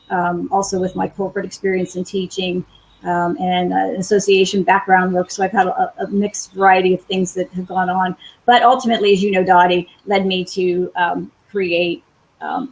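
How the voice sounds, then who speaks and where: A woman's voice: lowish voice, low-quality recording. A woman speaking as a guest coach on a live webinar, reflecting thoughtfully with hesitant fillers. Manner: thoughtful, many fillers and restarts.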